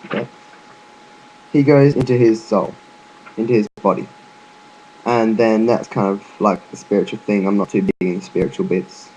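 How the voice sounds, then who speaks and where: A man's voice: fairly low pitch, darkish tone, a little hiss or hum, rough recording. A man casually explaining a video game's backstory, loose and chatty, with lots of fillers and restarts and the odd swear word. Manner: offhand, with occasional swearing. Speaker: gaming video narrator.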